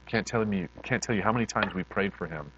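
A man's voice: fairly low pitch, quick pace, dull audio, slight background noise. Heartfelt, middle-aged man telling a testimony. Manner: heartfelt, repeats words, laughs and grows excited. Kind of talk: emotional storytelling testimony.

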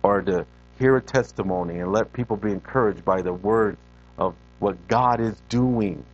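Man preaching in a church, animated, conversational, repeats for emphasis, muffled lo-fi sound. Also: lowish voice, normal speed, soft background music. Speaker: guest preacher. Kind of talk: sermon.

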